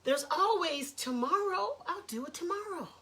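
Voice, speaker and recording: Woman storyteller putting on a carefree, stubborn male rabbit, high and dismissive. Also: lively intonation, moderate pace, very noisy. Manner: drawling, dismissive.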